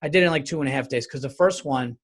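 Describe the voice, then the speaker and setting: A man hosting his own comedy podcast, talking solo in an animated, rambling, jokey way with some swearing. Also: medium pitch, rapid-fire. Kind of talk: casual solo podcast monologue.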